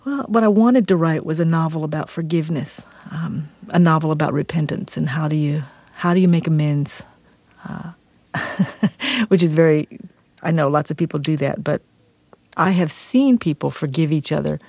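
A woman from South Carolina, an author, reading aloud from her novel with deliberate emphasis and then answering interview questions. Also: deep voice, a little mellow, slightly rough, dry recording. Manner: deliberate reading with slowing emphasis, brisker and laughing in conversation. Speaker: author and guest. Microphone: studio microphone. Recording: dry studio sound.

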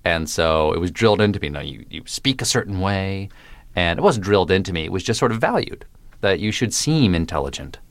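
A comedian from the American South, without a regional accent, talks as a guest in a radio interview. His low, expressive voice moves a little fast with no echo, and he's wry and playful with precise diction.

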